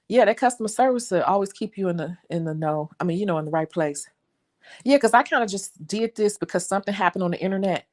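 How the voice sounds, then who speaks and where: A young adult woman with a Chicago accent, a nail technician chatting to her viewers in an animated, talkative way. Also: mid-range voice, fast. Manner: chatty, animated storytelling, says y'all. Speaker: nail technician and channel host. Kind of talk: casual chat to viewers.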